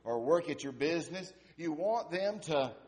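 A male pastor preaching in a conversational way, asking rhetorical questions and trailing off softly at the ends of phrases. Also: on the high side, animated, moderate pace. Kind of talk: sermon.

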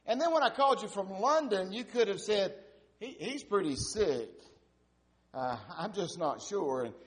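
A man's voice: high-pitched, lively intonation, moderate pace, voice pushed up. A man voicing an exasperated wife who scolds her husband in a pleading tone.

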